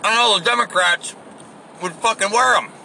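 A man's voice: sits high, moderate pace, gravelly, pushed and bright, slight background noise. A man hosting a podcast, ranting off the cuff outdoors in a crude, sarcastic way and swearing constantly. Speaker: podcast host. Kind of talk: profane off-the-cuff rant.

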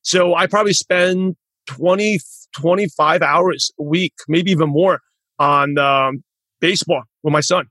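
A man's voice: a little high, a little slow, sharp tone, no room sound. A man hosting a podcast in casual interview chat, rambling and correcting himself as he talks. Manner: rambling, self-correcting, proud father. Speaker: podcast host.

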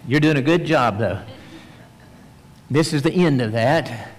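Male preacher, mid-pitched, folksy storyteller, lively then hushed, long hall echo. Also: a little slow. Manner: folksy storytelling, swings between animated and hushed. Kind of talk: sermon. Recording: long reverb, large hall.

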